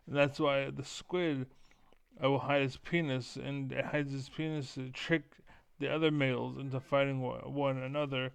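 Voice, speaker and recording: A man streaming a casual, profane rant that rambles, with filler words repeated over and over and the throat often cleared. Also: mid-range voice, flat delivery, normal speed.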